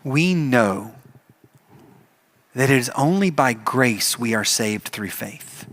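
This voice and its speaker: A man preaching a sermon as pastor, telling the story in an animated way and acting out the characters. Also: medium pitch, slow. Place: church.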